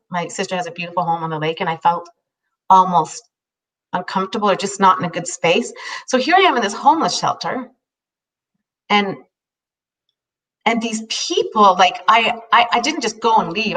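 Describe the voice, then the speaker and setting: A woman telling a heartfelt personal story in a halting way, often restarting her sentences. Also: medium pitch, fairly bright tone, distant mic, rough recording. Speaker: host.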